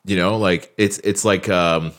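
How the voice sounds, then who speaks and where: A man's voice: deep voice, fairly even intonation, a little slow, fairly bright tone. A man in a casual podcast conversation, reflective and rambling, with lots of "like" and "you know.". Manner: reflective, rambling with many fillers.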